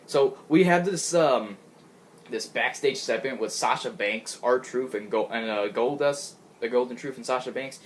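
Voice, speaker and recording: His mid-range voice keeps a measured pace as he rambles through a casual recap of a wrestling show. He chats away, laughs often, and keeps restarting his sentences.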